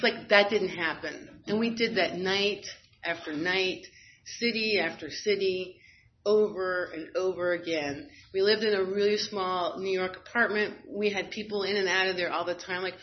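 A woman's voice: fairly low pitch, normal speed. A woman candidly telling a personal story in a frank, wry way, with fillers and bursts of laughter. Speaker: guest sharing a personal story. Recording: slightly dull audio with faint noise.

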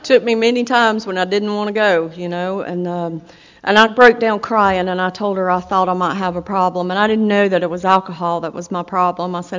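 Woman with a low voice, candid testimony. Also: steady tone, fairly quick, clear, resonant tone. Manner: candid and self-deprecating, with frequent fillers and restarts. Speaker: recovery meeting speaker. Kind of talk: personal testimony talk. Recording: dull reverberant hall recording.

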